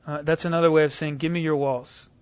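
A man with a fairly high voice tells stories to teach a group, lively and conversational, often restarting his sentences. The recording is dull and lo-fi, with a dry, close sound and no room echo. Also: quick pace, smooth. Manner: conversational, animated retelling with restarts. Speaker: speaker teaching evangelism. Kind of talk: storytelling lecture.

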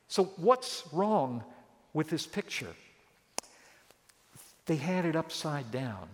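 A man preaching an expository sermon, switching between quiet stress and rising, emphatic exclamations. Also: a little high, sing-song, slow, long pauses. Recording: long reverb of a large hall.

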